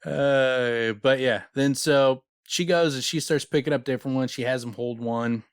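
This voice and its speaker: A man's voice: medium pitch, steady tone, moderate pace, clean tone, dry recording, clean studio sound. A man co-hosting a podcast, chatting casually and sarcastically about a book, swearing now and then. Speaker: podcast co-host. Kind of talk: casual book discussion chat.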